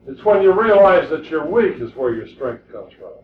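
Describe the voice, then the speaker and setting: A man's voice: high voice, big pitch swings, brisk, few pauses, distant mic, a little hiss or hum. Earnest male preacher, echoey tinny recording. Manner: earnest, emphatic preaching with repeated words. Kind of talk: sermon.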